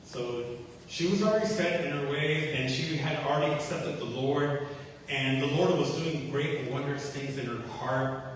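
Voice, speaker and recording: A man's voice: on the high side, moderate pace. Earnest man testifying in an echoey hall. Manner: earnest, repeats phrases, acts out quoted dialogue. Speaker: testimony speaker at a faith-based recovery meeting. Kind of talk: personal testimony. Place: church meeting hall. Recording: echoey hall, distant mic, faint hiss.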